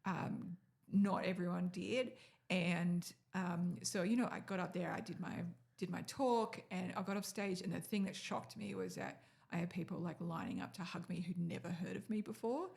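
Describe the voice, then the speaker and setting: Gravelly, storytelling woman podcast host. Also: on the low side, moderate pace. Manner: swearing, storytelling, animated when mimicking friends. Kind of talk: casual chat.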